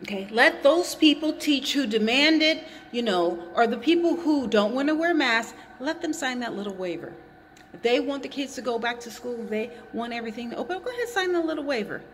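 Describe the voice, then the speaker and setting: A woman's voice: on the high side, animated, brisk, big-room sound, slight background noise. A woman vlogging from a hot garage, rambling and indignant as she repeats her points while chewing gum. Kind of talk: casual opinion vlog.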